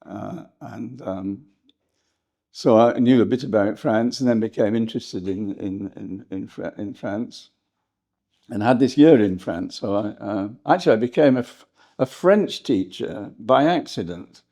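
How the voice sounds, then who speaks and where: An older English historian reminiscing in an interview, rambling and hesitant, with frequent laughs. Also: male voice, on the low side, measured pace, vocal fry, warm tone. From England. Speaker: historian guest.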